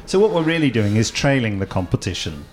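A man's voice: medium pitch, very animated, quick pace. A man hosting a casual podcast chat, hesitant with many ums and restarts. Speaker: podcast host.

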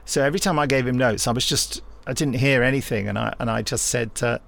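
Podcast host guy, gravelly creaky voice, rambling anecdotes with lots of uhs. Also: medium pitch, fast talker, few pauses, fairly bright tone. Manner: hesitant, full of fillers, amused. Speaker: podcast host and drama director. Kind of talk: casual anecdotal chat.

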